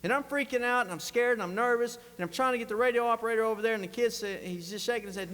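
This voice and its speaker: A man's voice: high voice, fast, a bit bright. A man, a state legislator giving an earnest, emotional farewell speech in a legislative chamber. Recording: long reverb of a large chamber.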